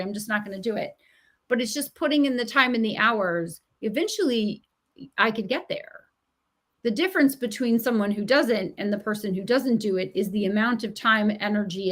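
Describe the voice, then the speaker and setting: A middle-aged woman, an author and writing coach, speaking as a guest in a podcast interview. She tells stories with animation, acts out the voices she quotes, and speaks with emphatic encouragement. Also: medium pitch. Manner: animated storyteller who acts out quoted voices and laughs often.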